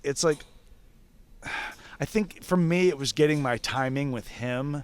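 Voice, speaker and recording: A man telling a story in casual, animated talk, swearing freely and acting out what others said. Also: mid-range voice, measured pace, clean tone. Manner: animated, profane, laughs often, acts out others' lines. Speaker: wrestling veteran guest.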